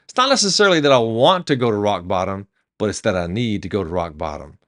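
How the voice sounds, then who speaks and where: A man voicing a humble, weary male passenger in a sermon illustration, talking quietly and confessionally. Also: medium pitch, normal speed, pitched below the performer's own voice, close to an everyday voice.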